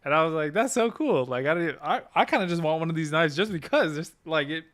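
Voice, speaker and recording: A man's voice: a little high, fast, a bit bright. A man on a podcast, recounting things in an easygoing, chatty way. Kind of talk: casual chat.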